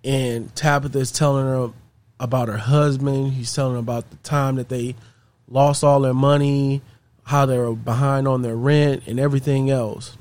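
A man's voice: medium pitch, flat delivery, normal speed, darkish tone. A man casually telling a story, conversational and repetitive in phrasing. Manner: conversational, repeats "she's like".

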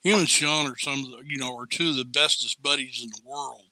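A man, a guest distiller, telling stories in a casual, blunt, salty way that turns animated when he retells events. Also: medium pitch, brisk, dry recording. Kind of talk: casual storytelling.

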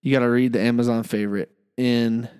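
A man's voice: medium pitch, level tone, a little fast, darkish tone, clear, resonant tone, no room sound, studio quality. A young man co-hosting a casual podcast, teasing and joking with his co-host. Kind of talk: casual chat.

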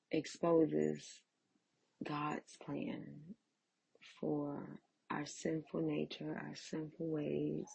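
A woman speaks slowly and candidly, giving a faith-based personal testimony with self-deprecating honesty. Her voice is gravelly and very husky, and the recording is close and dry. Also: deep voice, a little mellow, no echo, rough recording.

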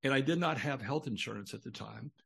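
A man's voice: medium pitch, a little fast, creaky, fairly bright tone, breathy edge. An older man, a guest on a podcast interview, telling a long personal story in a rambling way with many restarts.

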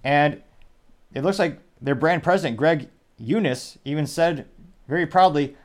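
A man's voice: a little high, animated, unhurried. A man hosting a podcast, delivering an opinionated commentary monologue in a sarcastic, dismissive tone that rambles with many restarts. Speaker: podcast host.

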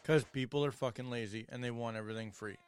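A man's voice: mid-range voice, steady tone, quick pace, clean tone, soft background music. A man chatting bluntly on a podcast, agreeing a lot and swearing freely. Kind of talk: casual chat.

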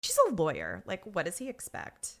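A woman's voice: lowish voice, huge pitch swings, normal speed, a bit bright, soft background music. A woman co-hosting a podcast, recapping an episode in casual chat with sarcastic quips. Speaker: podcast co-host.

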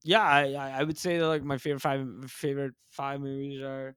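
A man from Canada, a comedian guest on a podcast, rambling excitedly and swearing often. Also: mid-range voice, brisk, smooth, no echo, clean studio sound. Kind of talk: casual chat.

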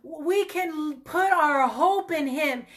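A woman's voice: high-pitched, takes it slowly, a bit bright. A woman ministering in a fervent online sermon, greeting viewers by name and repeating amen and hallelujah.

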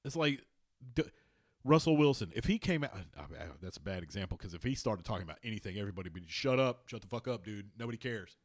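A man's voice: on the low side, quick pace. Guy on a sports podcast ranting and telling stories, lots of swearing. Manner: profane, animated storytelling. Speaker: podcast co-host. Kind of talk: casual sports chat.

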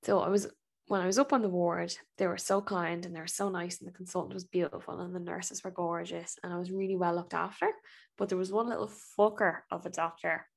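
An Irish nurse co-hosting a podcast, telling a story in a blunt, profane and animated way over a remote call. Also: female voice, on the low side, a little fast, vocal fry. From Ireland. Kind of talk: casual chat. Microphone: remote call recording.

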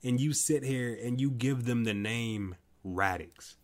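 A tired podcast host, yawning through a late-night solo commentary, rants in an exasperated, profane way and restarts often. His voice is mid-range and his pace measured.

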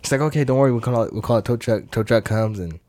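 A man's voice: lowish voice, fast, darkish tone, no echo. A man, co-hosting a podcast, telling a story in a slangy, rambling way, swearing and acting out voices. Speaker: podcast co-host. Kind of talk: casual chat.

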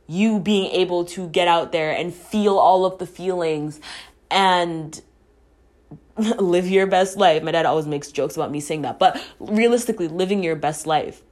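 A woman's voice: fairly low pitch, unhurried, darkish tone. A young woman hosting a podcast, talking earnestly and reflectively, swearing casually, and at times emotional. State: emotional, near tears at times. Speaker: podcast host. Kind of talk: reflective personal talk.

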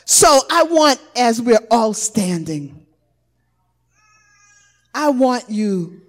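Woman preacher, high and very animated, slow delivery, builds to shouted exhortation. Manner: rises to shouted exhortation, call-and-response cadence. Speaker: elder preaching. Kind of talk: sermon.

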